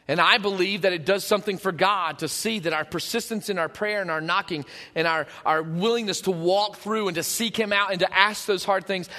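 Guy preaching, bright sharp voice, big echoey hall, repeats lines for punch. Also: high-pitched. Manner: emphatic, building repeated phrases, swings from loud to hushed. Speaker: pastor. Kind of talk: sermon.

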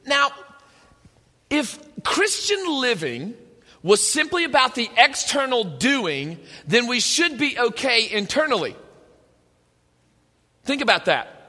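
High, bright-voiced pastor man preaching. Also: takes it slowly, pauses often. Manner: animated, rhetorical, talks straight to the congregation. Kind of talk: sermon. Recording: long hall reverb.

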